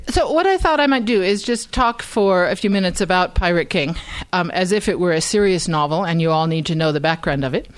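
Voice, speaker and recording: A woman author talking casually to a live bookstore audience, wry and halting, with stammered restarts and frequent ums. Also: on the low side, slight background noise. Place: bookstore event.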